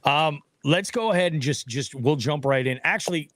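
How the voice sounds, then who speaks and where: A man hosting a casual fishing podcast, telling animated stories with a lot of swearing. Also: on the high side, normal speed. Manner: animated storytelling, heavy swearing. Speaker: podcast host. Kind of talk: casual profane chat.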